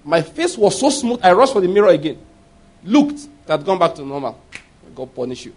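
A middle-aged man preaching a sermon, telling personal stories with animated quoted voices and laughing at his own tales. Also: sits high, brisk. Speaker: pastor.

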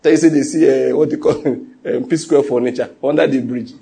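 A man preaching a sermon in an animated way, full of laughing asides and acted-out quotes. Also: mid-range voice, brisk, gravelly, a little hiss or hum.

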